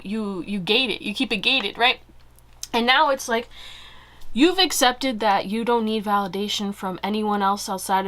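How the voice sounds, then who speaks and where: Woman, tarot-reading host, casual and chatty, mid-pitched, faint hiss and clicks behind her. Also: a bit bright. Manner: chatty, laughs often, slangy asides. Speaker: tarot reader.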